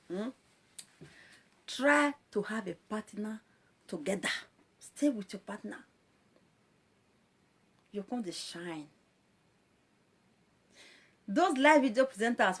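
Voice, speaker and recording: Breathy, medium-pitched and measured, with frequent pauses, a woman with a Nigerian Pidgin English accent hosts a casual live-stream monologue as a social media presenter. She keeps it playful and animated, laughing and exclaiming often.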